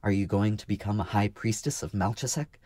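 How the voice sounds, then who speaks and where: A man voicing a young male healer and warrior monk in an audiobook, speaking in a solemn, measured way. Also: on the low side, darkish tone, dry recording, close to an everyday voice. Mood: curious.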